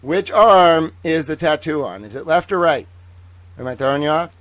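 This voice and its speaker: A man hosting a livestream, talking excitedly to his viewers in a theatrical way that swings between hushed asides and loud bursts. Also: fairly high pitch, normal speed, no echo. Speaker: livestream host.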